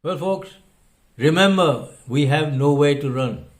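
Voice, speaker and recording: A man's voice: a little high, lively intonation, a little slow. An older man who hosts a talk show and delivers an impassioned commentary monologue. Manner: impassioned, emphatic. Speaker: host.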